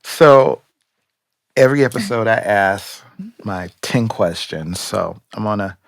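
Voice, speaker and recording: Gravelly man asking quick questions. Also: on the low side, lively intonation, no room sound. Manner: brief questions, lots of agreeing murmurs. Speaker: podcast co-host. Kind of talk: casual interview chat.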